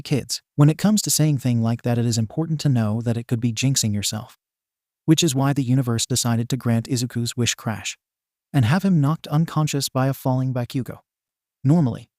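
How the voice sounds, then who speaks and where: Sex: man. Role: story narrator. Style: scripted narration, wry and playful. Tone: dark, mellow. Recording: dry. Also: medium pitch, no room sound.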